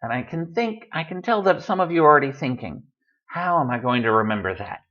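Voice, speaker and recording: A man explains pronunciation rules to his students in a patient, conversational way, dropping in casual fillers as he goes. His pitch rises and falls a lot from one phrase to the next. The recording sounds dull and lo-fi. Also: animated, fairly quick. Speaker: Spanish teacher.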